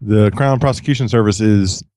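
Esprili, kuru şakalar yapan erkek yardımcı sunucu. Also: male voice, fairly low pitch, normal speed, mellow, no room sound. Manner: dry, wisecracking interjections. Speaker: podcast co-host. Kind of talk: casual chat.

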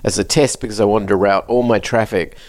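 A man's voice: fairly low pitch, steady tone, brisk, dry recording, clean studio sound. Laughing, chatty male co-host. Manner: chatty, laughs while complaining. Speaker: podcast co-host. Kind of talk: casual chat.

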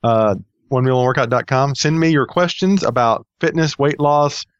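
A man's voice: medium pitch, normal speed, clear, resonant tone, dry recording, dull audio. A man hosting a casual podcast, rambling and joking with many fillers. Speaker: podcast host.

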